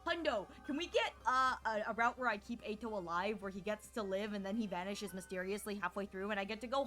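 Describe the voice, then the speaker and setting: A woman streamer giving excited live gameplay commentary, gushing and gasping at the screen. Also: medium pitch, faint music behind. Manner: giddy, gushing, fast reactions and gasps.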